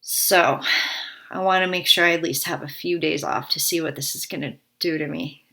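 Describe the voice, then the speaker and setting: Her voice is deep and creaky with a sharp tone, fairly even in intonation and moderate in pace. A health vlogger, she offers viewers a casual personal health update, candid yet worried, somewhat out of breath and prone to restarting sentences.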